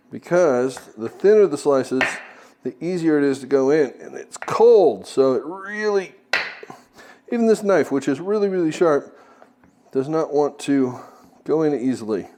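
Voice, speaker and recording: Hosting a casual cooking tutorial in his home kitchen, a man chats and jokes as he goes, tossing in self-deprecating asides. His voice is medium-pitched with a darkish tone, and there's slight background noise.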